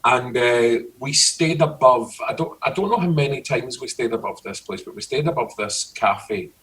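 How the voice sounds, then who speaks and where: A middle-aged Scottish man chatting casually, telling lively stories about his childhood. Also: medium pitch, moderate pace, far from the mic, rough recording. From Scotland. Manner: storytelling, animated. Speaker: guest. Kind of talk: casual chat.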